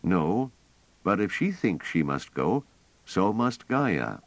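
A man voicing a fussy, gentle elderly male scholar who rambles and talks hesitantly. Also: deep voice, very animated, takes it slowly, dry recording, voice pushed up, full character voice, poor audio. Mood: earnest. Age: older. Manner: hesitant, wordy, polite.

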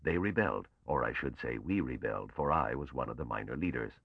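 An older man's voice, played by a man, as a bitter and weary old patrician who speaks slowly. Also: very deep voice, lively intonation, gravelly, husky, no room sound, muffled recording, exaggerated voice.

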